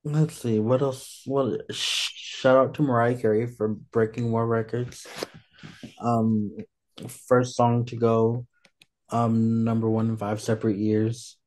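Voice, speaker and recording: A man co-hosting a podcast in casual chat, relaxed and hesitant, with frequent ums between points. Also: mid-range voice, takes it slowly. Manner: relaxed, hesitant with many fillers. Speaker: podcast co-host.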